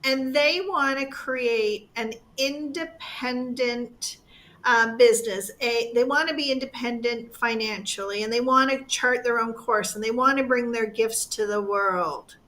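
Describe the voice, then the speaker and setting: A woman's voice: fairly high pitch, a little slow, fairly bright tone. A woman hosting a talk show, asking her guests thoughtful questions. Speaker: host. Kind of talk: casual talk show conversation.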